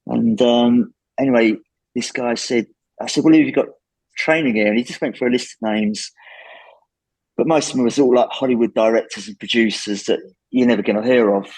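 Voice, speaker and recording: A man's voice: mid-range voice, brisk, a little mellow, no echo, rough recording. A man, the guest in an interview, talking in a plain-spoken, casual way. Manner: plain-spoken, lots of restarts. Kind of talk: casual chat.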